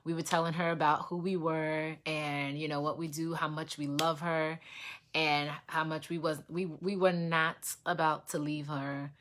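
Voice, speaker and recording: Low, bright-toned woman host; heartfelt casual testimony to viewers, repeats lines for emphasis. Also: little pitch movement, measured pace. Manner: emotional, repeats herself, speaks directly to viewers. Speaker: host of an online prayer livestream. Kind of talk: casual testimony to a live audience.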